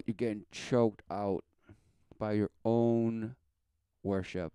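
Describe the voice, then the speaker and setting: Man, preachy sarcastic commentary, crystal-clear voice, dry sound. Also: fairly low pitch, fairly even intonation, slow pace, mellow, no echo. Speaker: religious commentator. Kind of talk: reacting to a podcast clip.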